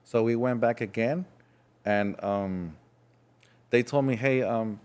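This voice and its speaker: A young man from Los Angeles, a podcast guest telling his story in a frank, halting way, acting out voices as he goes. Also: mid-range voice, a little mellow, smooth. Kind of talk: casual storytelling.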